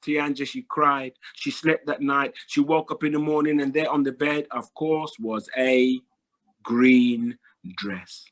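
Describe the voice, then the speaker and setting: A man telling a folk tale aloud to an audience, rhythmic and repetitive with dramatic pauses. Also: mid-range voice, fairly even intonation, fairly bright tone. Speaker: storyteller.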